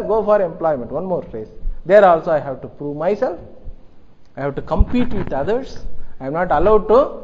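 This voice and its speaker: A man's voice: on the high side, darkish tone. Man teaching in an echoey hall. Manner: explains step by step, often checks with "Understood?". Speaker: spiritual teacher. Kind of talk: philosophical discourse. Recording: dull lo-fi recording with long hall reverb.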